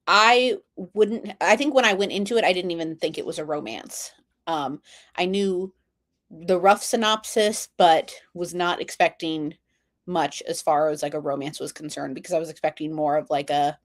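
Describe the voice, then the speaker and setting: A woman booktuber hosting a casual book club chat on a video call, speaking in a measured, relaxed way with frequent ums. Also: fairly low pitch.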